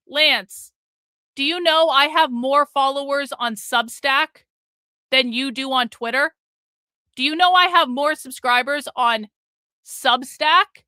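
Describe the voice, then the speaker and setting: Bright-voiced woman ranting on a livestream. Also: high voice, no room sound. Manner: profane, combative rant; sarcastic and mocking. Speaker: live-stream host. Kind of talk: live-stream commentary.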